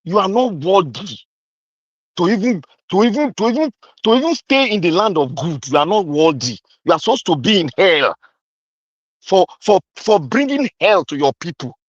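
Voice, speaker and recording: Speaking at normal speed in a high-pitched, sing-song voice, a male commentator with a Nigerian accent rants angrily about politics. He accuses, repeats himself and drops into pidgin, and the recording is dry and lo-fi.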